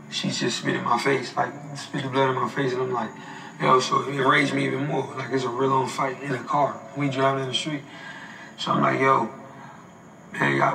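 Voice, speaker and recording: A man's voice: medium pitch, vocal fry, echoey room, distant mic, low-quality recording. A man giving a documentary interview, telling a story in casual slangy speech.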